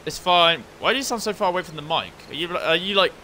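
Male let's-play co-host, bright tone, jokey and profane, headset mic. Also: sits high, expressive, fast talker, slight background noise. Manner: jokey, swears freely, laughs often. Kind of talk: casual gaming banter.

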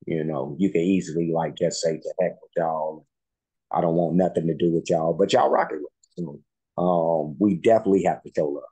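A man's voice: low voice, fairly quick, mellow, husky, poor audio. A man hosting a reaction channel, chatting casually and rambling with many fillers. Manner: rambling, filler-heavy, friendly. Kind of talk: casual reaction video chat.

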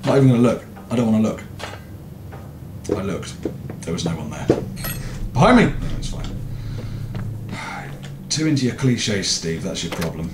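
Swearing gamer, lively voice. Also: male voice, lowish voice, moderate pace, pauses often. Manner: swearing, self-mocking, jumpy. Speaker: gaming video host. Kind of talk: let's-play commentary. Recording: roomy, distant mic, loud game noise.

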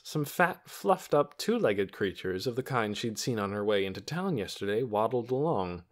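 A man narrating a children's novel as an audiobook, telling the story expressively. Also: on the low side.

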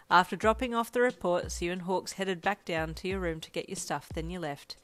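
Soft-spoken woman narrating a story, low voice. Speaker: fanfiction reader. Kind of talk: second-person story narration.

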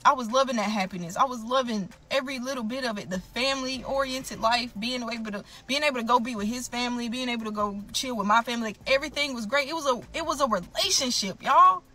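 A woman's voice: on the high side, quick pace, hardly any pauses, sharp tone. A woman telling her own story to camera, blunt and emphatic, often calling out to her viewers.

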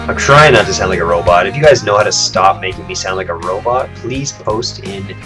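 A man with a fairly low voice co-hosts a laid-back gaming podcast, cracking jokes and cursing as he goes. His home mic gives the voice a robotic digital distortion, and guitar music plays clearly underneath. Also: animated, brisk. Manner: profane, joking banter. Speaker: podcast co-host. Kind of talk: casual gaming podcast chat. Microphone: home computer microphone.

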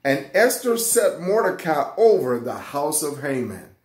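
A man teaching an excited Bible lesson to children, fervent and repeating his phrases. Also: a little high, unhurried, roomy sound. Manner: fervent, repeats phrases, keeps saying "watch this" and "y'all".

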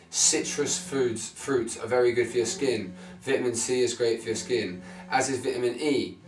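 A man giving blunt, swearing skin care advice to camera, often checking in with "right?" and "okay?". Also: medium pitch. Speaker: men's fashion vlogger. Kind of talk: casual direct-to-camera advice. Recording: echoey room, mic at a distance.

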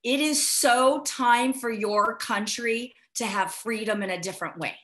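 An American businesswoman giving an emphatic motivational sales pitch over a video call, urging listeners and acting out their doubts. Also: measured pace, fairly bright tone. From United States. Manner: emphatic, urging, with acted-out asides. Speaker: guest speaker.

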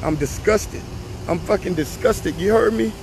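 An agitated, tearful man, recording himself on a phone outdoors. He repeats himself, swears and rises to shouting. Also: high voice, a little slow, creaky, noisy background. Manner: distressed, repetitive, profane, rising to shouting. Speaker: upset citizen filming himself. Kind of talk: emotional phone video rant. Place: outdoors on a street by a car.

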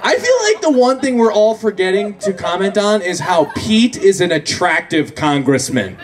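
A male stand-up comedian riffing loudly and profanely through a set outdoors at a private home, breaking into sudden character voices. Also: high voice, sing-song, normal speed. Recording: distant mic, loud crowd and noise. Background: laughing audience.

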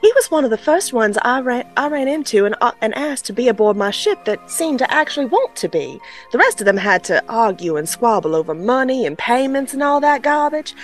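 A woman's voice: a little high, very animated, brisk, soft background music, voice pushed up. A woman voicing a sweet-talking, blunt female ship captain. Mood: folksy.

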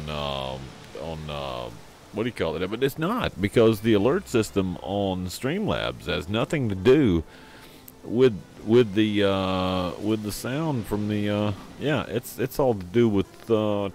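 A man chatting casually on a live game stream, rambling and halting as he thanks his viewers. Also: lowish voice, darkish tone, a little hiss or hum.

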